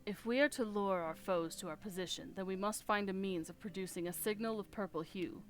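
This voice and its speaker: A woman's voice: mid-range voice, a little fast, a little hiss or hum, lightly acted. A woman voicing a formal, earnest young male noble scholar in old-fashioned phrasing, reading game dialogue aloud.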